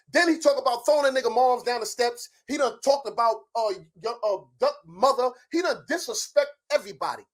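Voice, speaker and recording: A middle-aged guest on a show gets into a heated argument, his very high-pitched voice rising and falling with lively intonation. He rants loudly, swears a lot, and throws out challenges in quick succession.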